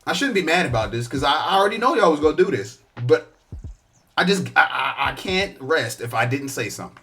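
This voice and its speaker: A man's voice: fairly high pitch, sing-song, a little fast, pushed and bright, a little hiss or hum. A man giving a blunt, profane, mocking rant of political commentary. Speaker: online commentator.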